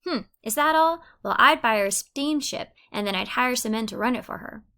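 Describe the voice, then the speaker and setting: A woman's voice: on the high side, expressive, a little fast, sharp tone. A woman reading the part of a boastful young man courting a girl, with showy boasts in rural dialect.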